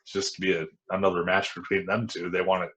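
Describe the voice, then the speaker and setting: Talking fairly quickly with little pitch movement, a former wrestler in his thirties looks back on his career as a guest in a casual interview. His low voice is pushed and bright, his storytelling frank and rambling with frequent restarts, and the recording quality is low.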